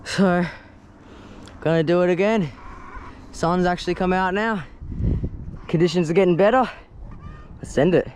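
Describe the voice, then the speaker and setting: A man's voice: high voice, unhurried, long pauses, background noise. A man giving slangy, casual commentary while riding a mountain bike on outdoor trails, swearing loosely as he goes. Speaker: mountain biker vlogger. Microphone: action camera while riding.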